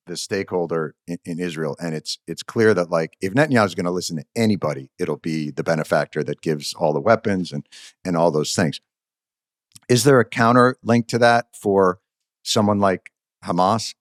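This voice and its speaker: A male host asking guests questions in a casual, animated, jokey way. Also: deep voice, normal speed, no echo, studio quality. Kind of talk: casual interview chat.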